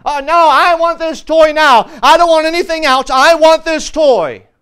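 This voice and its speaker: A man's voice: measured pace, fairly bright tone. A man voicing a little girl who screams and whines that she wants a toy. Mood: whining. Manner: shrill, whining, insistent.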